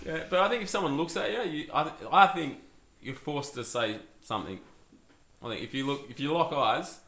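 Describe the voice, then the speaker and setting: Bright-voiced chatty man. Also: a little high, lively intonation, normal speed, echoey room. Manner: chatty, laughs often, trails off into fillers. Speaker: podcast co-host. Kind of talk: casual chat.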